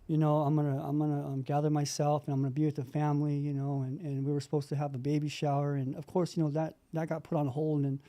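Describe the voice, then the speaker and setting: A man's voice: a little high, little pitch movement, fast, few pauses, dark tone. A middle-aged man sharing his recovery story on a video call, earnest and rambling, with many fillers and restarts. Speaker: meeting participant sharing.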